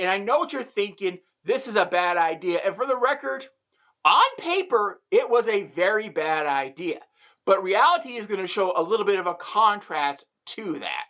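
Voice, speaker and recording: Brief: emphatic joking woman, bright forward tone, comic monologue. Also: fairly low pitch. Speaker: vlogger.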